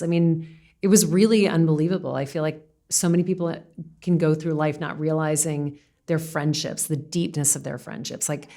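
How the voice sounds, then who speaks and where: A woman speaks in a low register as a podcast guest. She reflects earnestly in casual conversation and often breaks into laughter. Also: fairly even intonation, normal speed, dark tone.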